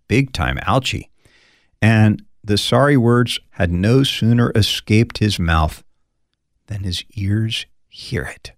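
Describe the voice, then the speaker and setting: Man, pastor, Bible teaching, gravelly, dry close sound, expressive, folksy. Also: on the low side, slow, dry recording. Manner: expressive, acts out quoted lines; conversational, folksy asides.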